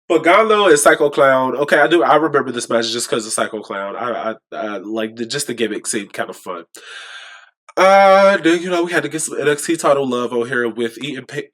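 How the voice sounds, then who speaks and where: A young man reviewing wrestling shows in a casual, animated, playful and self-mocking way. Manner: animated, playful, self-mocking, jumps to a high excited pitch. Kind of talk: casual chat.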